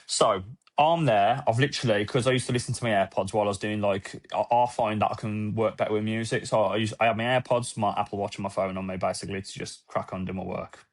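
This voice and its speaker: A man, a former police officer, gives a candid, emotional personal account in a podcast interview, with halting restarts, quoted dialogue and casual swearing. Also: lowish voice, fairly even intonation.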